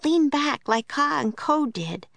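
A woman reading a children's storybook and voicing an eager, brave little girl with a high, excited voice. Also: takes it slowly, creaky, dry recording, full character voice. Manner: excited, bubbly.

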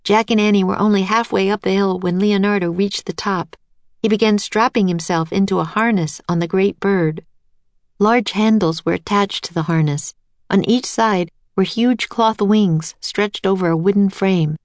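A woman narrating a children's chapter book aloud in a steady, clear storytelling voice. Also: mid-range voice, normal speed, dry recording.

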